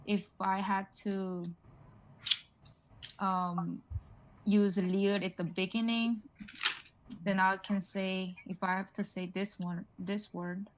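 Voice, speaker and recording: A woman with as her leads a relaxed one-on-one lesson. She talks in loose, hesitant explanations full of fillers and says each word slowly for her student to copy. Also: mid-range voice, a little hiss or hum, poor audio. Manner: explains haltingly with many "like" and "um", models words for repetition. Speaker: Korean language tutor. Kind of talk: casual one-on-one language lesson.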